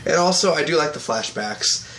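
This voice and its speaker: Rambling man in an echoey room. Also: on the high side. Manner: rambling, animated, mocks characters in quick put-on voices. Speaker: TV episode reviewer. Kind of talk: casual vlog review. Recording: echoey room with faint ambient noise.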